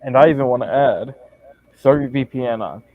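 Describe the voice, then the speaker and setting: A man co-hosting a casual gaming podcast, swearing freely and leaning hard on his words. His voice sits at a middle pitch. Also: a little fast, phone-quality sound. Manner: blunt, emphatic and heavily profane. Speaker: podcast co-host.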